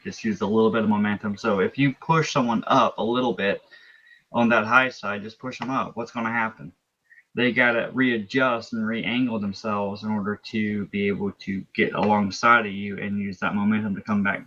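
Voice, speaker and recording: A man's voice: fairly low pitch, fairly bright tone, highs cut off. A man talking as a race driver in a post-race interview, explaining his moves at length with restarts and asides.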